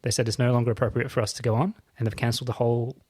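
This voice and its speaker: A man's voice: medium pitch, little pitch movement, rapid-fire, darkish tone, husky, no echo. A man co-hosting a podcast, telling anecdotes in casual political chat and checking in with "right?". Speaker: podcast co-host.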